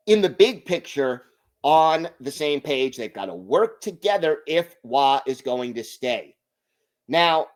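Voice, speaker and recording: A man hosting a hockey podcast, giving his opinions in an emphatic, deliberate way. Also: fairly high pitch. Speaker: podcast host.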